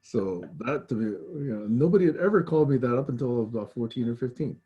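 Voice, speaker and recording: A man hosting a study group on a video call, telling stories in a relaxed way with dry humor. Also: medium pitch, quick pace, breathy edge, dull audio. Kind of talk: casual chat.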